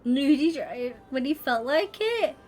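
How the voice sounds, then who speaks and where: A woman's voice: high voice, big pitch swings, measured pace, darkish tone. A young woman streaming live, chatting casually with her viewers and constantly breaking into giggles. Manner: giggly, keeps breaking into laughter.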